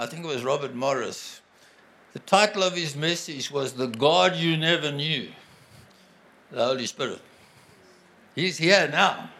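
A man preaching a sermon in an earnest, conversational way, often pausing and restarting his sentences. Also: on the high side, pushed and bright. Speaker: guest preacher.

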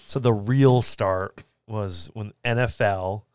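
A man with a lowish, smooth and clear voice, chatting casually as a podcast co-host. He tells stories in a dry, relaxed way with lots of fillers. The sound is close and dry. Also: slow pace, no echo. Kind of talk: casual chat.

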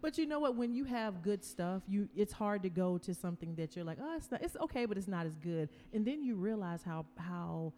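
A woman from Tennessee who hosts a podcast, chatting casually and telling stories in an animated way. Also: mid-range voice, a little fast, hardly any pauses. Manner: animated storyteller, laughs easily. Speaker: podcast host. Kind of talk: casual interview chat. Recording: long reverb, faint background noise.

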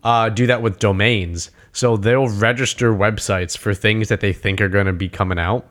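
A man with a fairly low voice chatting casually and with growing excitement. He swears freely and slips into little acted-out bits of dialogue as he talks things through. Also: normal speed. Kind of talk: casual chat.

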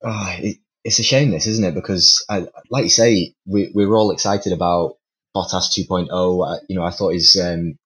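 Deep-voiced man rambling through his opinion. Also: steady tone, moderate pace, fairly bright tone, low-quality recording. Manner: rambling, many restarts, self-deprecating laughs. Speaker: panelist. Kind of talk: casual panel discussion.

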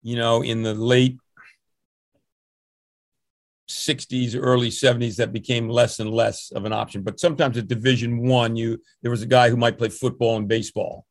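An older man with a gravelly, creaky voice, recorded dry and close, tells long stories as a veteran coach. He rambles warmly from anecdote to anecdote, with plenty of restarts and small chuckles. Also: medium pitch, little pitch movement, a little fast, few pauses, no echo. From New Jersey, USA. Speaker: swim coach. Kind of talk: relaxed interview storytelling.

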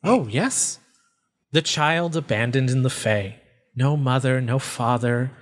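A man's voice: mid-range voice, slow pace. A man voicing a sinister, disembodied female voice that mocks and gloats over others' pain in a tabletop game. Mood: gloating. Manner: taunting, relishing others' pain. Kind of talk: tabletop role-play voice acting.

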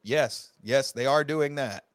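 A man's voice: mid-range voice, slow pace, no room sound, clean studio sound. A man hosting a podcast, delivering an angry, sarcastic political rant with heavy emphasis. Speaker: podcast host.

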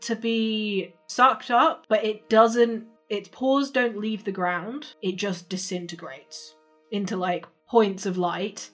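A woman's voice: mid-range voice, steady tone, slow pace, faint music behind. A woman narrating as game master of a tabletop role-playing game, casual and swearing freely. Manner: casual, swears, restarts mid-sentence.

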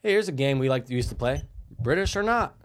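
A man's voice: mid-range voice, expressive, fast talker. A young man co-hosting a podcast in loose, joking casual chat, full of "dude" and "bro". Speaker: podcast co-host.

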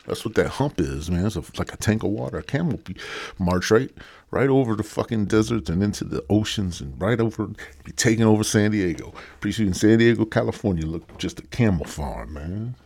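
Guy rambling on his podcast, low husky voice, cussing and joking around. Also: lively intonation, a little fast, darkish tone. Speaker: podcast host. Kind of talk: casual solo podcast monologue.

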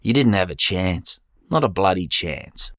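A man's voice: sits low, expressive, a little slow, a bit bright, dry recording, studio quality, exaggerated voice. A man voicing a blunt, mocking Australian mate with a casual habit of swearing, speaking in an Australian accent. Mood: scornful. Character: blunt Aussie mate, middle-aged man.

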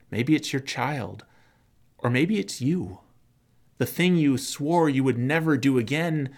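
Preacher man with hushed, rhythmic storytelling. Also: medium pitch. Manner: dramatic, rhythmic storytelling with soft hushed passages. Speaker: pastor. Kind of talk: sermon.

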